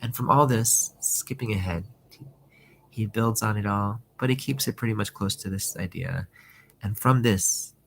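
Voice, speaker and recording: Low, gravelly male teacher, rambling conversational lesson style. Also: measured pace, a little hiss or hum. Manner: rambling, conversational, many fillers. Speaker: Torah teacher. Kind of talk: casual religious text lesson.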